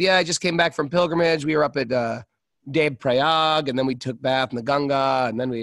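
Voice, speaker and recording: A man co-hosting a casual spiritual podcast chat, telling lively stories and acting out the voices of the people in them. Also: medium pitch, no echo, clean studio sound. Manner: animated storyteller, acts out voices. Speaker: podcast co-host.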